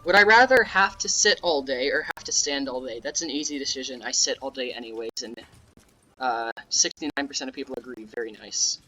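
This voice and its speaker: A young man giving casual, rambling gameplay commentary that breaks into sudden yelling at the game. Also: medium pitch, brisk, slight background noise, low-quality recording. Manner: rambling, offhand, with sudden yelled outbursts at the game. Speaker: gaming YouTuber.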